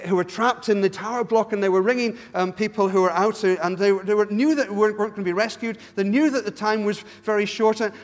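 A man delivers a sermon in a high voice, pleading earnestly and stumbling over his words as he restarts them. His voice carries a long reverb from the church around him. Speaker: preacher. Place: church hall.

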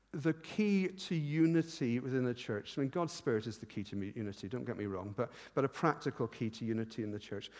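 A man with a noticeably high voice preaches to his congregation, animated and self-deprecating, often restarting his sentences. He has a noticeable regional accent. His words ring out with a long reverb through a church hall. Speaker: pastor. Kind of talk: sermon.

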